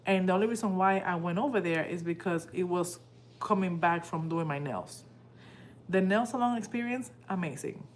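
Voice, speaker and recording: Lower-voiced woman telling a story. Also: normal speed, slight background noise. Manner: animated, emotional retelling that acts out quoted dialogue. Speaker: livestream host. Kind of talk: casual storytelling to a live audience.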